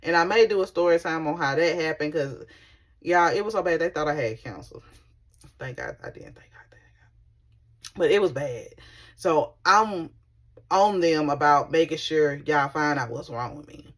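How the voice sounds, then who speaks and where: A young woman recounts a personal story on her vlog, animated and conversational, full of casual slang. Her voice sits a touch low for a woman, and she talks to viewers like friends. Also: moderate pace. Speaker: vlogger.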